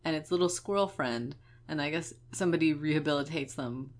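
Low-voiced young woman podcast co-host. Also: fairly quick. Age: young adult. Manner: joking, laughs often. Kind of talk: casual chat.

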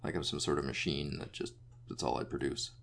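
A man's voice: extremely low pitch, fairly even intonation, a little fast, vocal fry, a bit bright. A man co-hosting a podcast, chatting casually with wry, pedantic humor and frequent laughs. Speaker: podcast co-host. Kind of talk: casual chat.

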